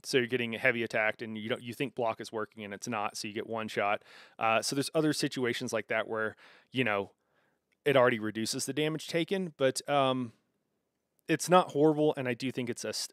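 Clean studio sound, dry and a bit bright, carries this man's mid-range, steady voice at a brisk pace. He's a streamer playing a game, talking casually with his audience and responding to chat with lots of fillers and restarts.

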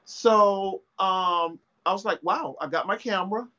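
A man's voice: sits high, unhurried, sharp tone, dull audio. A man guesting as a comedy writer in a casual interview, hesitant and self-correcting but good-humored, over a video call.

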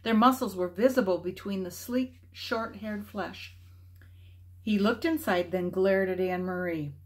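A woman reading a children's novel aloud, expressive and varied in her delivery. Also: medium pitch, unhurried. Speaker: storybook reader.

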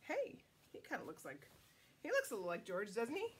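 A woman's voice: mid-range voice, huge pitch swings, a little fast, a little hiss or hum. A woman reading a picture book aloud to children, playful and exclamatory in a sing-song manner. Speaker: children's storyteller. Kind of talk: storytime read-aloud for kids.

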